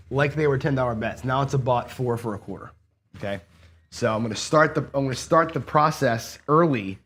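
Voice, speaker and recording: Slightly rough and medium-pitched, this man runs a casual play-along craps strategy session on camera. He rolls dice, narrates each roll, counts payouts out loud, and gets excitable whenever a roll favors him.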